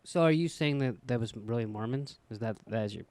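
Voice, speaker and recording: A man's voice: medium pitch, fairly quick, darkish tone, no echo. A man co-hosting a podcast in casual chat, throwing in short, dry, teasing remarks. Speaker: podcast co-host.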